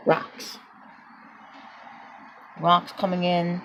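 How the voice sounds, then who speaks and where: A woman's voice: mid-range voice, unhurried, slight background noise, poor audio. A woman with a New York accent films her apartment and vents her anger with defiant, repeated phrases, laughing between lines. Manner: defiant, repetitive, laughs mid-rant. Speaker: public housing tenant vlogger. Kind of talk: angry phone-camera vlog. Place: apartment, indoors.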